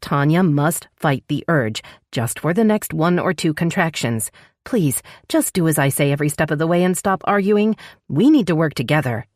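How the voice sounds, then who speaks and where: A woman reading the lines of a female healer who guides a birth in a calm, instructive way. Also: low voice, normal speed, dry recording, studio quality. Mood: firm.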